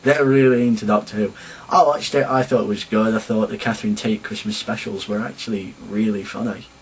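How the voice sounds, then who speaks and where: A man's voice: lowish voice, fairly even intonation, fairly quick, a little hiss or hum, poor audio. A young man from Sheffield with a Sheffield English accent, rambling and chatty as he rants casually to camera in a vlog. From England. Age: young adult. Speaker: vlogger.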